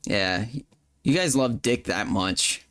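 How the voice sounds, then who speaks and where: A man's voice: lowish voice, expressive, takes it slowly, a bit bright, clear, resonant tone, no room sound, studio quality. An American man teasing his friends with crude, swearing humor in casual gaming stream chat.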